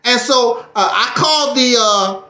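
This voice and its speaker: A YouTube streamer delivers a casual livestream monologue in a very high-pitched male voice that is bright and forceful, taking his time. He's preachy and joking, with a dramatic streak, and the room he's in is echoey.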